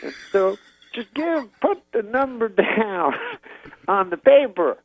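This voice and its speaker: Guy doing a high choppy older comic voice, half sentences, slow and stretched, dull dry radio sound. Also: lively intonation, no echo, exaggerated voice. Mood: grand. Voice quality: high, clipped, no full sentences. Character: halting older male comedian, fragmented speech.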